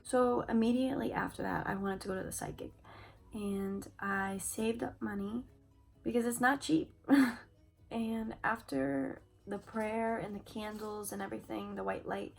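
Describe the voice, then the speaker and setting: Young woman vlogger with a gravelly, breathy voice, chatty and filler-heavy, faint music behind. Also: medium pitch, poor audio. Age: young adult. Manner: chatty, many "like" fillers, replays conversations. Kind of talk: casual storytelling to camera.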